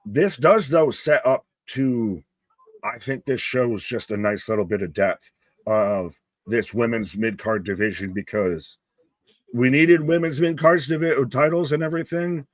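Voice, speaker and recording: A man's voice: mid-range voice, measured pace, no room sound. Jokey man calling wrestling live. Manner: jokey, swears freely, laughs often. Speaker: co-host. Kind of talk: live wrestling watch-along commentary.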